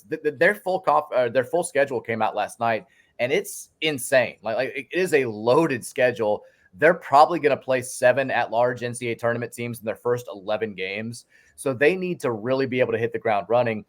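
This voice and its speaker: A man's voice: medium pitch, brisk. A man, a guest sports writer, talking college basketball in a casual podcast chat, telling stories with many restarts. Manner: animated storyteller, many restarts.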